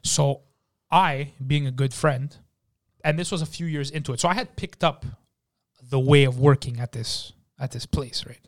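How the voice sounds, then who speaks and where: A man telling a story in casual chat in a podcast studio, animated and profane, acting out the people in it. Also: mid-range voice, moderate pace. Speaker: podcast guest.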